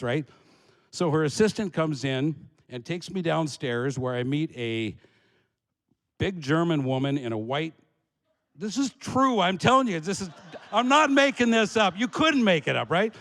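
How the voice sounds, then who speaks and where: Man, comic storyteller, somewhat high voice, long hall reverb. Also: measured pace, long pauses. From Alaska. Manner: animated, laughing through the story.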